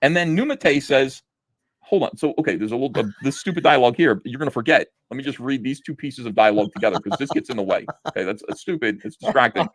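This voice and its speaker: A man's voice: mid-range voice, lively intonation, fast, no echo. Sarcastic man mocking a comic. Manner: sarcastic, incredulous, laughs at the text. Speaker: comic book reviewer. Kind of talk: mocking read-through review.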